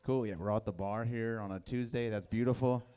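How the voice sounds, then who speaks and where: A man's voice: fairly low pitch, fairly even intonation, brisk, mellow, smooth. A man doing a laid-back, self-mocking stand-up set in a bar, giggling between jokes. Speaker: stand-up comic. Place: comedy bar, live audience.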